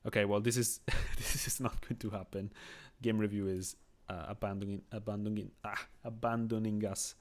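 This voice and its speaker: A man's voice: on the low side, steady tone, brisk, few pauses. A man with a Swiss accent who is not a native English speaker, chatting with viewers and thinking aloud through a chess game on a live stream. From Switzerland. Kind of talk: casual live-stream commentary.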